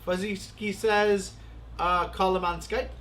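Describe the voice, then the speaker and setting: A man hosting a livestream, reading out viewer comments in relaxed, casual chat. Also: high voice, takes it slowly, slight background noise. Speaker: host.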